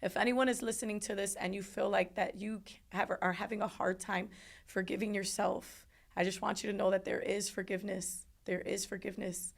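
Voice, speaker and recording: A woman telling a painful personal story in an interview, emotional and halting, with frequent restarts. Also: mid-range voice, level tone, gravelly. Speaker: interview guest.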